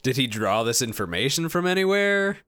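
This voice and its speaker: A man's voice: medium pitch, big pitch swings, brisk, fairly bright tone, clean tone, no echo, clean studio sound. A man co-hosting a casual podcast, joking and bantering. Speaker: podcast co-host. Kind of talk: casual chat.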